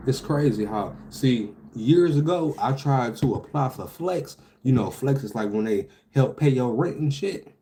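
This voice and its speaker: A man, animated and profane, telling a story about his delivery job with loud outbursts. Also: medium pitch, measured pace. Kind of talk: casual storytelling vlog.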